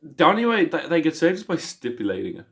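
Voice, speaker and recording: A man co-hosting a wrestling podcast, rambling and halting as he talks casually. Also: a little high, big pitch swings, a bit bright. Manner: rambling, halting, many restarts. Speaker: podcast co-host.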